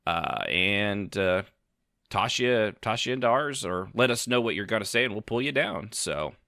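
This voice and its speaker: A man's voice: lowish voice, animated, moderate pace, vocal fry, bright, forceful tone, dry recording, studio quality. Rambling, joking podcast host man. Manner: rambling, filler-heavy, joking. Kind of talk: casual podcast chat.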